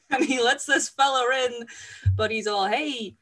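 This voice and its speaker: A woman chatting casually as a podcast co-host, deadpan and sweary, often breaking into laughter. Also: a little high, slow pace, slight background noise. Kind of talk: casual comedic chat.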